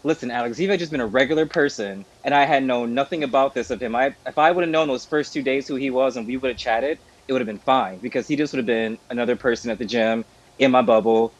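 A man's voice: medium pitch, fast talker, muffled recording. A man co-hosting a casual chat, telling a story animatedly and joking at his own expense. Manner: animated, self-deprecating storyteller. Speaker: podcast co-host.

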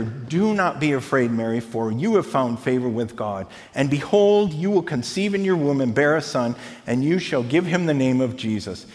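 A man preaching a sermon as pastor, animated, often checking in with the congregation by asking "right?". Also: a little high, big-room sound.

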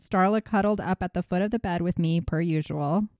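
Low, mellow-voiced woman reading a ghost story. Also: brisk, no echo, clean studio sound. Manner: laughs often, swears casually, jokes mid-story. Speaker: podcast co-host reading a listener story. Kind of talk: reading a listener's ghost story aloud with casual chat.

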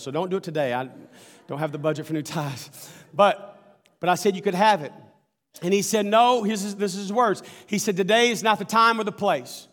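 A man preaching a sermon, telling a story with animated, folksy asides to the congregation. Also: fairly high pitch, in a large hall. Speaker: pastor.

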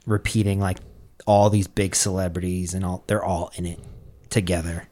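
A man's voice: low voice, level tone, normal speed, a little mellow. A man chatting casually on a podcast, rambling through a story with lots of swearing and filler words. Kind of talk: casual chat.

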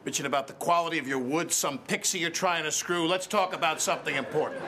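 A man's voice: fairly high pitch, fast talker, a crowd in the background, close to an everyday voice. A man playing Winter's Breath, a brutal elf boss. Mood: berating. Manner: barking, insulting tirade. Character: ruthless male elf sales boss from head office. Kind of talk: sketch comedy acting. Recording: played clip with clear background noise.

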